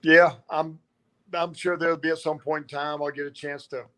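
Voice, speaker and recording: A man's voice: a little high, flat delivery, normal speed, bright, forceful tone. A man who coaches, chatting casually on a stream in an easygoing, rambling way. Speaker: coach and co-host.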